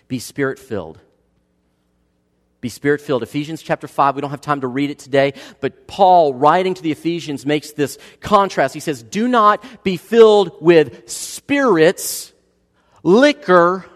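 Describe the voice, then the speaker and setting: A pastor with a medium-pitched voice preaches a sermon in a church sanctuary, captured with the long reverb of a church hall. His preaching is dynamic, swinging from hushed to loud.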